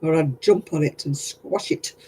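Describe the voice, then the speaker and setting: A man's voice: fairly high pitch, moderate pace, dark tone, slightly rough, rough recording. A tired man, chatting casually with livestream viewers as he crafts, rambling and often laughing. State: tired, yawning.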